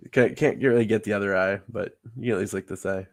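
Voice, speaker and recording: A man building a puppet who chats casually and explains his work in a low-key way. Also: fairly even intonation, a little fast. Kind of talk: casual chat while working.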